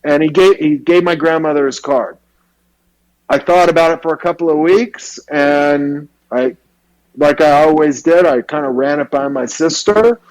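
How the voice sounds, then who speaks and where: A man telling stories in an interview, animated and casual with lots of slang. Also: fairly high pitch, moderate pace, low-quality recording. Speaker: hairstylist guest. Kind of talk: storytelling interview.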